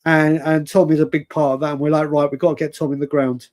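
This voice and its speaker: Casual male stream host, fairly high pitched, chatty and rambling. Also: flat delivery, quick pace, a little mellow. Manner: chatty, rambling, laughs often, calls viewers mate and brother. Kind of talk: casual live-stream fan chat.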